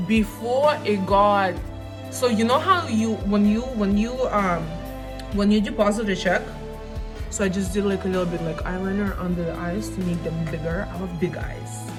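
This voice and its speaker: Young woman, chatty and rambling, self-mocking, makeup vlog, clear background music. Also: mid-range voice, normal speed. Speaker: beauty vlogger. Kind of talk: casual storytelling while doing makeup.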